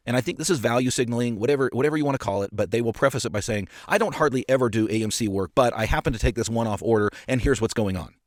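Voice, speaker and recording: This podcast host, who also works as an appraiser coach, speaks in a fairly low voice during a casual monologue that's emphatic and passionate, with lots of fillers and repeated words. He recorded it dry on a studio mic while sitting in a parked car.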